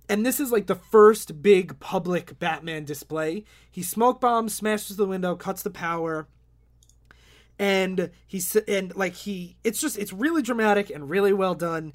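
A man's voice: high-pitched, a little slow. A man casually recapping a comic book with friends, telling the story with quoted voices and swearing. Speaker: podcast co-host.

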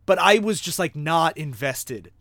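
Young man, podcast host, high voice, animated, dry close sound. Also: measured pace, dry recording. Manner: laughs often, animated. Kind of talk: casual chat.

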